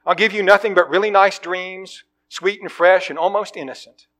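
A man's voice: sits high, fairly even intonation, moderate pace, fairly bright tone, pitched above the performer's own voice. A man voicing a small lizard tempter that coaxes and wheedles urgently in a raised voice. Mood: wheedling.

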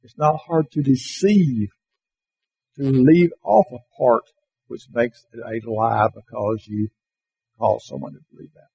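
A man teaching a Bible class, reading verses slowly and with emphasis and putting questions to his listeners. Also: medium pitch, steady tone, gravelly, a little mellow, lo-fi sound, a little hiss or hum. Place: classroom or church hall with slides.

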